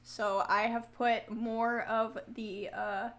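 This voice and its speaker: A woman's voice: on the high side, little pitch movement, takes it slowly, fairly bright tone. A young woman talks casually to her livestream audience from home. She chats easily, reads out viewer comments and answers them with jokey asides and laughter. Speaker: livestream host.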